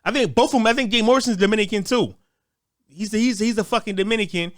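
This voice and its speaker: A man's voice: high voice, fast, dry recording, studio quality. A man giving a heated, profane rant as a commentator, often stammering and repeating words as he restarts.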